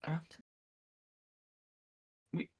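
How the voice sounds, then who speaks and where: Gentle, coaxing tabletop player. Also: very slow, dull audio. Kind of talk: tabletop role-play.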